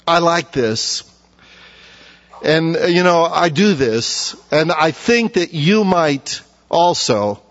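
Male pastor, folksy sermon delivery with dramatic pauses; dull recording in a reverberant church. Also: on the high side, animated. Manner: folksy preaching, slows for emphasis, acts out mockers. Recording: dull sound with long reverb.

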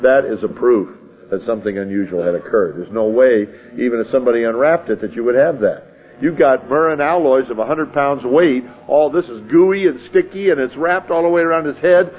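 A man preaches a sermon in a folksy, teaching manner, reading scripture and acting out the scene in his own words with the occasional chuckle. His voice is medium-pitched and brisk, and the audio sounds dull.

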